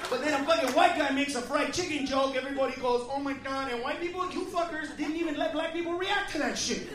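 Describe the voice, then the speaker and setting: A man with a very high voice rants through a profane stand-up set, dropping to mutters and then bursting into shouts. The sound is roomy and echoey, and the laughter of a live club crowd comes through beneath him, along with background noise. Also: fast talker, recorded from a distance. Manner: loud, profane, ranting, swings from quiet mutters to shouts. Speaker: stand-up comedian. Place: comedy club stage with a live audience.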